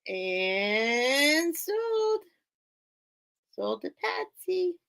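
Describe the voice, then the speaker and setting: A woman hosts a relaxed live-stream sale, rambling and thinking aloud as she greets viewers by name. Her voice is bright and clear, and she takes her time between thoughts. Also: high-pitched, very slow. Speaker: live online sale host. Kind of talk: casual live-stream selling chat.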